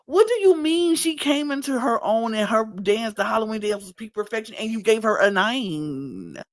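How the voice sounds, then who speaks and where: A woman co-hosting a casual podcast that recaps reality TV, talking in an animated way and firing off incredulous rhetorical questions. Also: fairly high pitch, normal speed. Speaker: podcast co-host.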